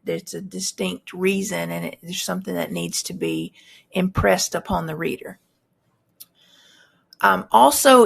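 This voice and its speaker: A woman's voice: mid-range voice, gravelly. A woman instructor explaining formatting rules in a recorded tutorial, talking through examples with frequent fillers and restarts.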